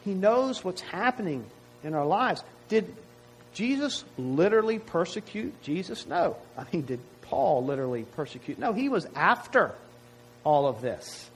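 A man's voice: high voice, slight background noise, low-quality recording. A man preaching a sermon to his congregation in a conversational way, often asking rhetorical questions. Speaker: pastor.

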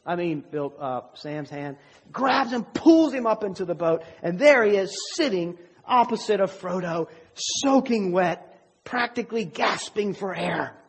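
A man with a high-pitched voice gives a sermon, slowing down for dramatic pauses as he tells a story. His tone is husky and breathy. A long reverb from the hall follows each phrase. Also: animated. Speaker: pastor.

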